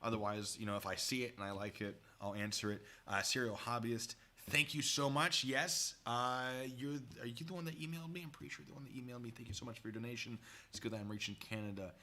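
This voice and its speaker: A man's voice: medium pitch, fairly even intonation, quick pace, sharp tone, a little hiss or hum. Rambling male live-stream commentator. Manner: rambling, chatty, with asides to viewers. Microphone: desk mic pulled close.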